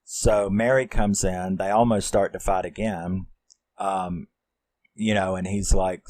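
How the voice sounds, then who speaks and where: Slow, low-voiced man recapping a film. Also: level tone, darkish tone, no echo, rough recording. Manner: rambling, loose, with many fillers and some swearing. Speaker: film reviewer. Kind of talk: casual plot recap.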